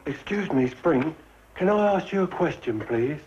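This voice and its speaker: An actor playing a naive, simple-minded young soldier in a 1950s film comedy. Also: male voice, on the high side, lively intonation, a little slow, a little mellow, soft background music. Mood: earnest. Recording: muffled 1950s film soundtrack.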